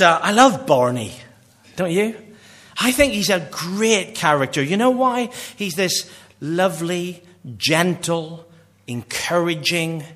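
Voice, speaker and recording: A middle-aged pastor from Northern Ireland, with a Northern Irish accent and a fairly high pitch, preaches an earnest sermon. He slows for emphasis and goes quiet at the ends of phrases.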